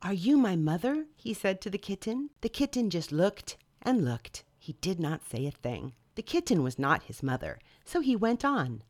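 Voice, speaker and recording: Lively, low-voiced woman reading a storybook. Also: moderate pace, hardly any pauses, dry recording. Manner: expressive, sing-song. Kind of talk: reading a picture book aloud.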